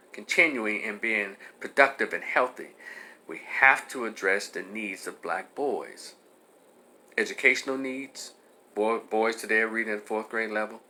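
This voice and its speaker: A man in his fifties with a Memphis Southern accent, telling a story in an animated way, then talking in a low, earnest tone. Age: 50s. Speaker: commentator. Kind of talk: storytelling monologue.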